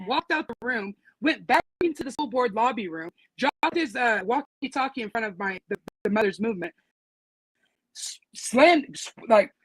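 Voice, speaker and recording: A woman who has a teenage daughter tells what happened to her casually, full of profanity and indignation. Her high-pitched voice is a bit bright with a breathy edge, recorded with no room sound but poor audio quality.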